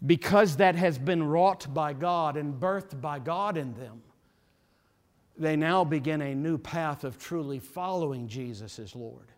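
A man preaching a sermon as pastor, impassioned, repeating phrases and building to forceful emphasis. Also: fairly high pitch, measured pace.

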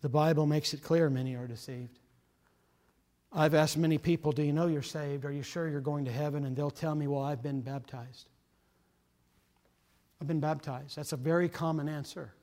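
A man preaching a sermon, earnest and urgent, swinging between loud emphasis and hushed, quiet lines. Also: a little high, fairly even intonation, fairly quick, big-room sound.

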